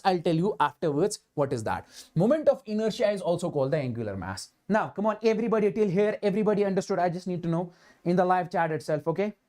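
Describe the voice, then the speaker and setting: A man's voice: high-pitched, darkish tone. A man with an Indian accent teaching physics in a live online lecture, talking emphatically, repeating himself and often checking that his students understand. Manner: mixes Hindi words into English.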